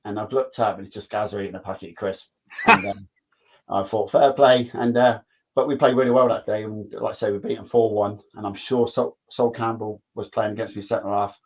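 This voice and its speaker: Rambling ex-footballer, muffled sound. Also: male voice, lowish voice, a little fast, creaky. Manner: rambling, repeats "like I say". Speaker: former footballer guest. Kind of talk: casual chat, storytelling. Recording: dull lo-fi sound.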